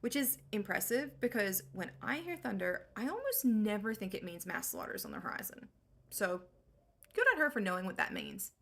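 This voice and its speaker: A woman's voice: medium pitch, sing-song, moderate pace, vocal fry, sharp tone. A woman recapping an old story for comedy in slangy, sarcastic valley-girl speech. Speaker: host.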